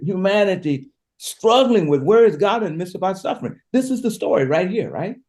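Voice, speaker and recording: A man's voice: high voice, big pitch swings, a little fast, darkish tone. A man speaking as a pastor and podcast guest, telling a scripture story with emphatic, preacher-style passion and repeated words as he builds each point.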